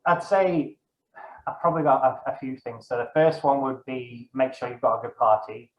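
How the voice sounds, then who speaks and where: A man's voice: medium pitch, normal speed. Man chatting in an echoey room. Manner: rambling, self-correcting, many fillers. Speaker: guest, dungeon master. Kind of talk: casual interview chat. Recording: echoey, dull lo-fi room sound.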